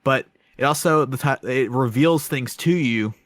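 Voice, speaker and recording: This man's mid-range voice has a fairly bright tone and moves at a moderate pace. Co-hosting a podcast, he wanders through a film review, leaning on fillers and self-conscious asides, in a dry recording.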